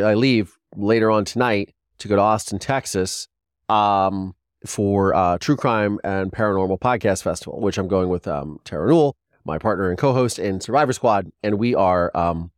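Low-voiced man telling a rambling story. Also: dry recording, studio quality. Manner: rambling, animated, with restarts and acted quotes. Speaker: podcast host. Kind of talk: casual storytelling monologue.

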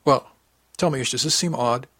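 A man's voice: medium pitch, moderate pace, sharp tone, no echo, pitched above the performer's own voice. A man voicing a wry, teasing female deck crewwoman in an audiobook. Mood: probing.

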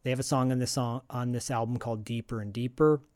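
A man's voice: medium pitch, steady tone, fast, a little mellow, no echo. A man with a mid-range voice chats eagerly about a film soundtrack. The recording is dry and close, with no room sound. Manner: enthusiastic, chatty. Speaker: podcast co-host. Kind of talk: casual film chat.

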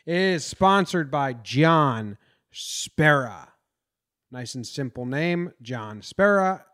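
A man's voice: medium pitch, animated, takes it slowly, fairly bright tone. A man from New Jersey hosting a casual sports podcast, rambling and venting his frustration. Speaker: podcast host.

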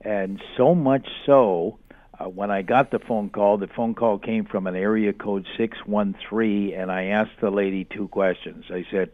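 A man's voice: on the low side, steady tone, unhurried, no echo. A man from Canada calling in as a radio guest, telling his story earnestly and emphatically. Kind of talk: phone interview. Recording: tinny phone line.

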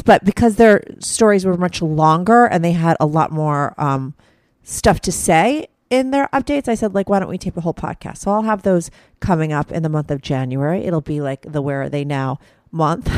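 A woman's voice: on the low side, dry recording, studio quality. A woman hosting a podcast in casual chat, frank and filler-heavy, swearing freely. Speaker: podcast host.

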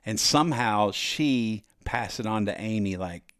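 A man's voice: lowish voice, measured pace, clean tone, no echo, clean studio sound. A man on a podcast as the guest musician, telling stories and acting out the voices of the people in them. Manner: lively storyteller acting out quoted voices. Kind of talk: podcast storytelling.

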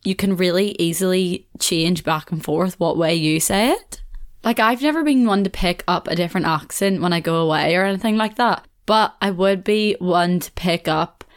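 A woman's voice: fairly low pitch, moderate pace. A young woman with a Belfast accent hosting a casual solo podcast, chatting in a rambling way with frequent laughs. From Northern Ireland. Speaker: podcast host.

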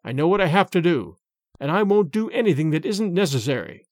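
A man's voice: on the high side, sing-song, a little fast, a little mellow, dry recording, clean studio sound. A man voicing a stern grown son who speaks firmly and gloomily. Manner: firm and gloomy. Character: stern grown son, firm and brooking no argument.

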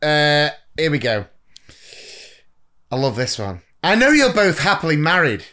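Jokey middle-aged man with a bright, lively voice. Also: on the high side, a little slow. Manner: jokey, laughs often, teasing. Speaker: podcast co-host. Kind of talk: casual chat.

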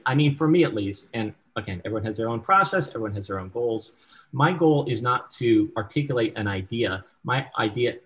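Man, screenwriter guest, casual and frank, swears, keeps checking in, mid-pitched voice. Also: fairly bright tone, poor audio. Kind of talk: casual interview talk.

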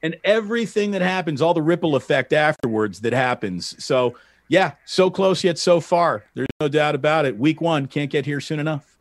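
A man's voice: a little high, moderate pace, no room sound. A man from the San Francisco area, a guest sports broadcaster, telling stories animatedly and laughing easily in casual chat. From San Francisco Bay Area.

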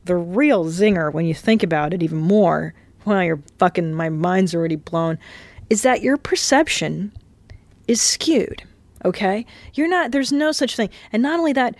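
A woman's voice: a little high, darkish tone, no echo. Chatty, rambling woman podcaster, dry sound. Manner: rambling, chatty, swearing, fillers and restarts. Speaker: podcast host. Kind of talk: casual solo podcast monologue. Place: hotel room.

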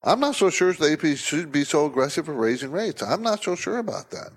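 A man's voice: a little high, sing-song, fairly quick, breathy edge. A man hosting a call-in finance talk show, speaking emphatically and conversationally, often repeating himself for stress. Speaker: radio show host.

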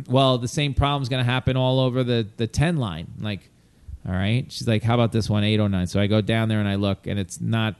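A man from New York telling a long exasperated story in casual chat, animated and swearing. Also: lowish voice, a little fast, hardly any pauses, smooth.

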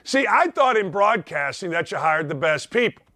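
Ranting older sports talk host. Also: male voice, high voice, very animated, moderate pace, pushed and bright, no echo. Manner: ranting, emphatic, repetitive. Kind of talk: opinionated sports monologue.

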